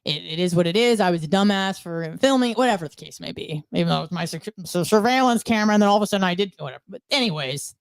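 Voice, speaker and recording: A woman's voice: fairly low pitch, expressive, rapid-fire, gravelly, hardly any pauses, no echo. A woman guest on a podcast, telling her story bluntly with frequent swearing. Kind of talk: candid conversational storytelling.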